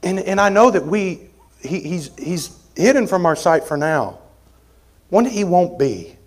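A man preaching an expository sermon as pastor, conversational, moving between forceful emphasis and quiet asides. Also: high-pitched, sing-song, a little slow. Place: church sanctuary.

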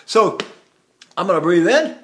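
An older man teaching voice, his speaking tone sitting a little high for a man. He talks in a relaxed, folksy manner and keeps stopping to hum or sing short syllables to show what he means. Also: normal speed. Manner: demonstrates hums and sung syllables mid-explanation; chatty, folksy asides. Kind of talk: vocal lesson with demonstrations.

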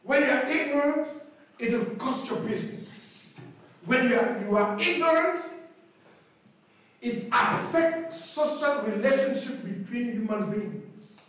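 A man's voice: very high voice, lively intonation, measured pace, fairly bright tone. A man pastor preaching a sermon emphatically, calling for responses from the congregation. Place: church hall. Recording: echoey church hall, distant mic.

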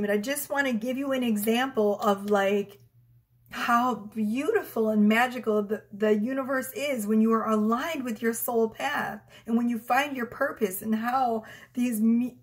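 A middle-aged woman, a tarot reader, chatting casually to her viewers, giggling often and acting out her clients' lines in small voices. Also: fairly high pitch. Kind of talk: casual spiritual storytelling to camera.

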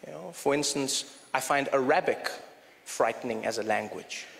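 A man doing stand-up comedy on a stage in an animated way, slipping between voices, recorded on a handheld mic in a reverberant live venue. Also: mid-range voice, moderate pace, creaky.

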